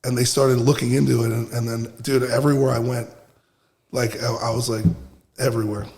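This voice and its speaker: Gravelly Brooklyn man telling stories. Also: mid-range voice, level tone, brisk, darkish tone. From Brooklyn, USA. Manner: emphatic, profane storytelling with frequent restarts. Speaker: podcast guest. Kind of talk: casual podcast conversation. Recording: roomy with long reverb.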